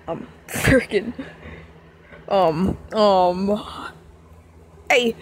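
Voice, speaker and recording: A woman's voice: mid-range voice, a little slow, slight background noise. A woman hosting a gaming channel, talking casually to fans in a giggly, rambling, self-mocking way with a strained, worn-out voice.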